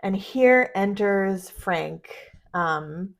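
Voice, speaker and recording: A woman's voice: medium pitch, expressive, extremely slow, creaky. A woman co-hosting a podcast, recapping a film scene by scene in casual, conversational chat. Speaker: podcast co-host.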